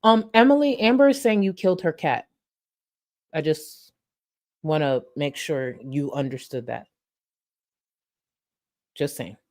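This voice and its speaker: A woman with a notably low voice hosts a live reaction stream. She talks bluntly and mockingly, throwing in crude jokes and plenty of profanity as she comments on clips. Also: unhurried, pauses often, darkish tone.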